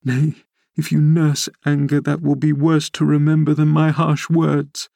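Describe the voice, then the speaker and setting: A man's voice: on the high side, monotone, a little slow, vocal fry, dark tone, dry recording, clean studio sound, pitched above the performer's own voice. A man voicing a dying young woman, bitter and yearning, pleading with feverish passion.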